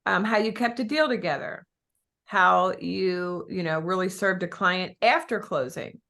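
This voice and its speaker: A woman coaching real estate agents in an energetic, chatty way, with many fillers and small restarts. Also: fairly low pitch, measured pace, vocal fry. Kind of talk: coaching talk to an audience.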